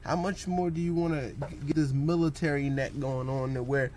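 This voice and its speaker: His voice is fairly high, steady and a little mellow, at a moderate pace, with a little hiss or hum behind it. A vlogger, he chats loosely about posture and meditation, acts out what other people say, and keeps asking "you know what I'm saying."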